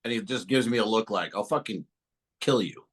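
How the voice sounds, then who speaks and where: A man's voice: on the low side, fairly quick, a bit bright, slightly rough, low-quality recording. A man co-hosting a comedy podcast, telling a story in casual chat, acting out both sides of a quoted exchange and swearing freely. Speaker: podcast co-host.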